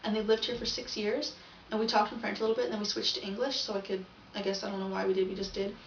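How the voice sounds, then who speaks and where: A woman's voice: medium pitch, level tone, fast, far from the mic, a little hiss or hum. Young woman, rambling video diary, roomy echo, dull off-mic sound. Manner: chatty, rambling, self-correcting. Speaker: vlogger.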